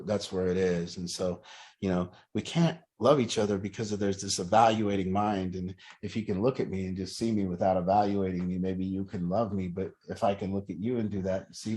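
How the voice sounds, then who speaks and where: This is a deep, slightly mellow male voice belonging to a middle-aged man who leads a group in reflective discussion. He talks earnestly and sorts out his ideas through repeated rhetorical questions.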